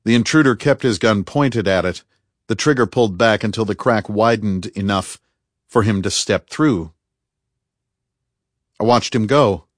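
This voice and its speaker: A man reading a first-person story aloud in a measured, tense storytelling manner, close to the microphone. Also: fairly low pitch, dry recording. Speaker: audiobook narrator. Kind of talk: first-person fiction narration.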